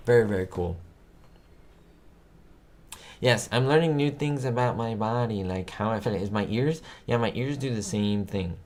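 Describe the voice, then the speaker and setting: A man hosting a trivia livestream, chatting casually and excitably with his viewers, rambling from one fact to the next. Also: on the low side, normal speed, pauses often.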